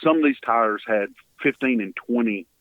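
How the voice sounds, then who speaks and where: A man from Texas with a Texan accent and a medium-pitched voice speaks at normal speed as an interview guest. He earnestly and emotionally tells a story from his relief volunteering, on a dry, phone-like recording.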